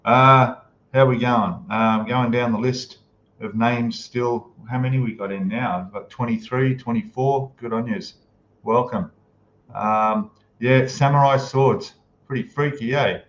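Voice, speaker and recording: A man's voice: medium pitch, unhurried, reverberant. Male live-stream host, laid-back chatter, dull lo-fi sound with faint noise. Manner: relaxed, chatty, reads out viewer comments and greets them. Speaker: livestream host. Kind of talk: casual live-stream chat. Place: home room, in Thailand.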